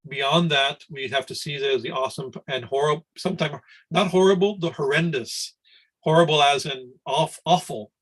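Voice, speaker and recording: A man's voice: a little high, normal speed, a bit bright, poor audio. A middle-aged man, a swami, giving a spiritual discourse to students over a video call, talking loosely with many restarts and asides of "right?". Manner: rambling, conversational, frequent "right?" and restarts. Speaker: swami teaching scripture class.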